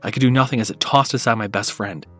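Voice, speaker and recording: Reading quickly over faint background music, a man narrates a first-person horror tale in a dramatic, scripted style. His delivery drops to quiet, low murmurs and swells louder at the tense moments.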